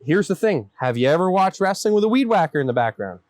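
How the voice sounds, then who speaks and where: High-voiced man hosting comedic banter. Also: sing-song, fast, darkish tone, no room sound, studio quality. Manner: mock-exasperated, grumbling, teasing. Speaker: host. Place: outdoors in a backyard.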